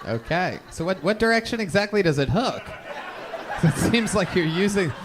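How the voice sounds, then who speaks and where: A man's voice: sits high, lively intonation, moderate pace, crowd noise, background noise. A man hosting a live comedy show, hyping the comic and asking teasing questions with laughter. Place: comedy club stage.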